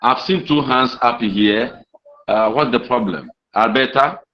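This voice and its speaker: A man lecturing a class on poetry, speaking deliberately and often repeating phrases to drive a point home. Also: medium pitch. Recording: roomy, dull lo-fi sound.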